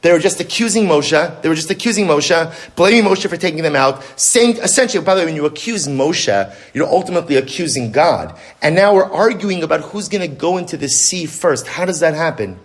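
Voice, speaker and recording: Male rabbi, religious lecture, animated, rhetorical questions, slightly high pitch. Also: fairly quick, hardly any pauses.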